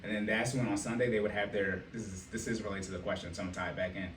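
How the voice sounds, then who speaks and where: A man hosting a casual podcast and working as a financial coach, telling animated stories and laughing often. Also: lowish voice, racing. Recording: echoey room, mic at a distance, faint noise.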